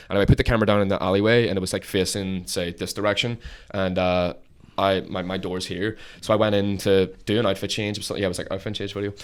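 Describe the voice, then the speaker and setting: A young man with a Belfast accent, a podcast guest telling an animated story with lots of swearing and fillers. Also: clear, resonant tone. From Northern Ireland. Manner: animated storyteller, acts out quotes in a shrill voice; swears freely, many fillers. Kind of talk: casual chat.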